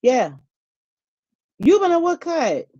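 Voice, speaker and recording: A middle-aged woman, hosting a casual live-stream chat, animated and laughing often. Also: very high voice, slow pace, no echo, dull audio. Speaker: HR YouTube channel host. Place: home.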